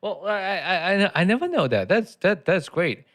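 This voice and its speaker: Nervous fast-talking man on a podcast. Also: sits high, very animated, fairly bright tone. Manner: fast, nervous, stumbling restarts. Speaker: podcast co-host. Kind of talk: casual podcast chat.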